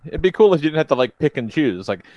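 A man's voice: a little high, very animated, fast, warm tone, no echo, muffled recording. A man hosting a podcast, chatting casually in a rambling way and swearing freely. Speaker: podcast host. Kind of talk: casual chat.

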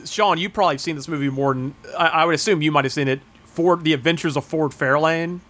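Animated storytelling man, fairly high voice. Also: fast. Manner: animated retelling with acted-out movie voices, swearing freely. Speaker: podcast co-host. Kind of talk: casual chat, storytelling.

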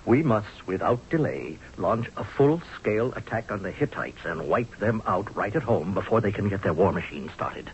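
An actor playing an exasperated, sardonic army general in a radio drama, speaking forcefully. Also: male voice, on the low side, sing-song, moderate pace, few pauses, a little hiss or hum. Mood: urgent. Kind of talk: 1970s radio drama acting. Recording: dull lo-fi old radio broadcast.

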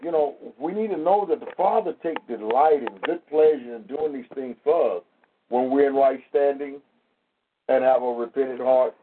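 A man's voice: medium pitch, moderate pace. A man on a call talking about faith in a preachy way, stammering and repeating his words. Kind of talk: preachy casual chat. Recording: tinny phone line.

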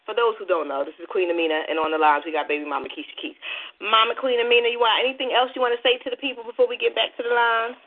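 A sassy woman host talks straight to her audience with lively energy. Her voice is mid-pitched for a woman and comes through narrow and phone-like. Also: racing. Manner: sassy, animated, addresses listeners directly. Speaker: radio show host. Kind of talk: casual phone-in talk radio. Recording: phone-like, lo-fi sound.

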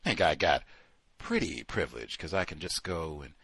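A man's voice: rumbling low, big pitch swings, normal speed, creaky, fairly bright tone, slightly rough, no echo, voice pushed down, heavily acted. A man voicing a flippant, giggly woman defendant who talks in an airy, dismissive way.

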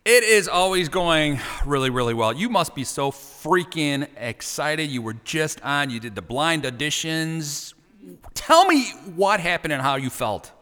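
A male talk show host with a bright, fairly high voice that swoops up and down as he teases his guest. His delivery is playful and animated, and a long reverb trails behind every line. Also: unhurried.

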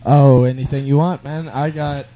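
A man's voice: medium pitch, steady tone, moderate pace, mellow, rough recording. A man appearing as a guest DJ, chatting easily and laughing often. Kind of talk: casual chat. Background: music.

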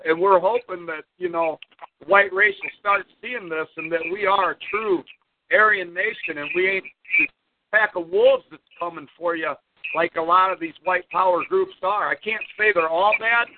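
A man in casual call-in talk, rambling through plain explanations. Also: high-pitched. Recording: tinny phone line with faint hiss.

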